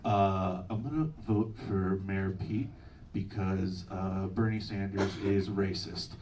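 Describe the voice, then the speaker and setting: A man voicing a hesitant woman voter who speaks in a low, halting way. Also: steady tone. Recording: distant mic with noisy venue.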